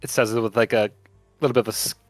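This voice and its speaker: A man's voice: on the low side, fairly even intonation, very fast, no room sound, soft background music. A man running a tabletop game as game master, narrating and laughing often.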